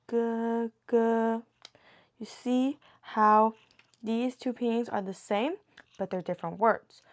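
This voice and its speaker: A woman teaching a beginner language lesson in a slow, patient way, muttering and correcting herself as she writes. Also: on the high side, fairly even intonation. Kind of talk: casual beginner lesson, writing on board.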